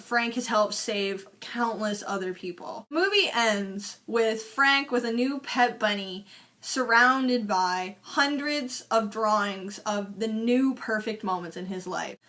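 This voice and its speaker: A woman's voice: a little high, a bit bright. A young woman recapping a film in a chatty, sarcastic way, peppered with "like" and swearing. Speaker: movie reviewer. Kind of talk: casual movie recap vlog.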